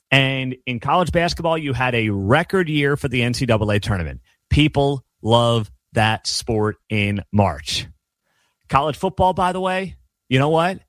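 Male sports show host, thirties, opinionated and emphatic, mid-pitched, dry booth sound. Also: a bit bright, dry recording. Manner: emphatic, ranting, sarcastic asides.

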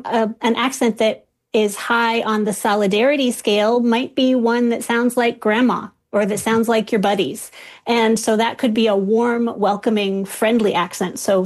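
A female linguist speaking as an expert guest, laying out points steadily in a clear, lecture-like way. Her voice sits at an ordinary pitch. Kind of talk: expert interview.

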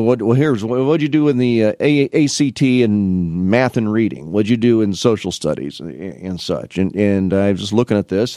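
A middle-aged man from the Midwest United States tells casual stories about advising students. He talks with lively rises and falls in pitch and acts out both sides of each exchange. His voice sounds dry and close, with no room sound. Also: dry recording. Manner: rambling anecdotes with restarts, acting out both sides of conversations. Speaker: college academic advisor. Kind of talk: casual storytelling monologue.

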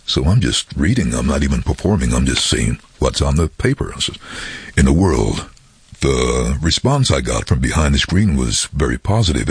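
A man who works as a voice-over artist, telling lively stories in an interview and slipping into quick impressions. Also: a bass voice, husky, dry recording. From London. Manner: lively anecdotal, slips into impressions. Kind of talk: interview storytelling.

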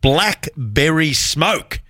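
A man's voice: a little high, expressive, drawn-out words, sharp tone, no room sound, studio quality. An Australian man hosting a community radio music show, chatting casually and rambling with self-deprecating asides. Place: radio studio.

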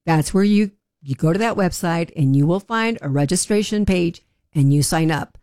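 A woman speaking as a guest on a radio show, encouraging and upbeat as she promotes a program. Her voice is low and mellow, and the sound is dry and close to the mic. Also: normal speed, no room sound. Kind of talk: radio interview.

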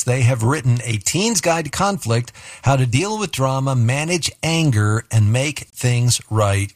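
Male talk-show host, measured and steady, dry studio sound. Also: medium pitch, dry recording. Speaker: radio host. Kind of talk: interview hosting.

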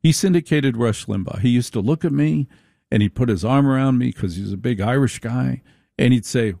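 A man's voice: mid-range voice, moderate pace, vocal fry, dark tone, no echo, studio quality. A middle-aged man hosting a late-night radio talk show, delivering an emphatic, folksy monologue to his listeners.

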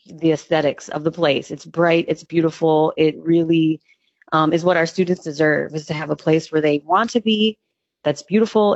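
A woman's voice: low voice, dry recording, highs cut off. A woman, a nonprofit's executive director, answering radio interview questions in an upbeat, earnest way with frequent ums.

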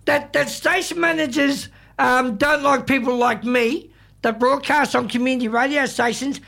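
An Australian man hosting a community radio show, talking in a halting way with lots of fillers and restarts, and full of strong opinions. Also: extremely high pitch, fairly even intonation, gravelly, bright, forceful tone. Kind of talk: casual radio chat.

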